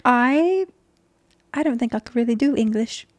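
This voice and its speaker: Higher-voiced woman, dry sound. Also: fairly even intonation, fast talker, dark tone, dry recording. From Canada. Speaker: podcast guest. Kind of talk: casual chat.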